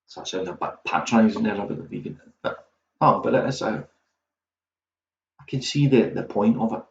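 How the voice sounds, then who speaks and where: A man's voice: on the low side, fairly quick, creaky. A Scottish man hosting a quiz, chatting casually and wandering off on self-mocking tangents. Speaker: quiz host. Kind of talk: casual rambling livestream chat. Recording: echoey, dull lo-fi audio with faint noise.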